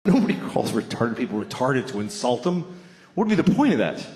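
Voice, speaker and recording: A man from Boston performing a profane stand-up comedy set on stage, ranting with loud shouted bits. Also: medium pitch, big pitch swings, a little fast, slight background noise. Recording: echoey room with audience laughter.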